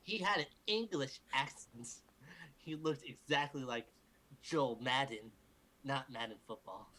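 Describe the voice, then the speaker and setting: A man reads a story aloud for a live group stream with a bright, forceful tone. He hams up the lines, then breaks off for a joke or a curse. There is a faint hiss behind him. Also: medium pitch, a little slow, poor audio. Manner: mock-dramatic, breaks off to joke and swear. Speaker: group reader. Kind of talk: comic reading aloud of fan fiction. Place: home recording for a livestream.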